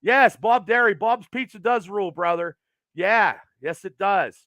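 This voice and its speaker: Man, early 50s, podcast host, profane rambling rant, bright tense voice. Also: high-pitched, unhurried, no room sound. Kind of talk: casual ranting podcast chat.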